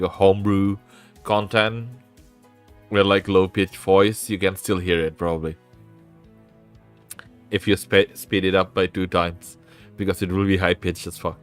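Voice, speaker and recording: A man's voice: low voice, fairly even intonation, normal speed, smooth, soft background music. A man with a sore throat, hosting a casual live stream, rambling and often interrupting himself. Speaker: VTuber streamer and host.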